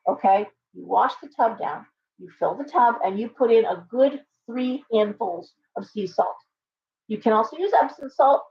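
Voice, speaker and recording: A woman hosting a live show as a tarot reader, talking in a chatty, rambling, blunt way with frequent restarts. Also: mid-range voice. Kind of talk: casual live-stream chat. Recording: dull lo-fi sound with faint hum.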